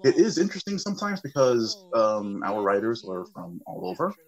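A man's voice: medium pitch, big pitch swings, normal speed, rough recording. A man hosting a casual chat about an audio drama, often repeating words while he searches for them. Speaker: podcast host.

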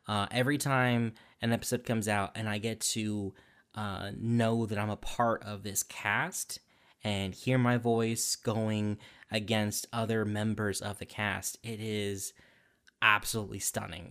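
A man who voices a role in an audio drama, giving a casual recorded testimonial. He talks with enthusiasm, rambling with many fillers. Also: lowish voice.

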